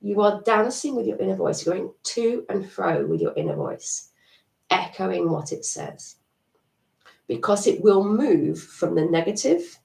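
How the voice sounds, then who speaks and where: A woman's voice: mid-range voice, very animated, measured pace, gravelly, mellow. A middle-aged woman coaching a live EFT tapping session, chatty and encouraging, laughing at herself. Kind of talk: live-stream coaching talk. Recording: echoey room, distant mic.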